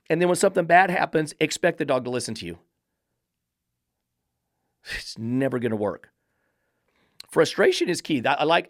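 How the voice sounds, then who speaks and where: Blunt, profane dog trainer ranting. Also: male voice, on the high side, creaky, dry recording, studio quality. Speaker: dog trainer and podcast host. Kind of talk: ranting podcast monologue.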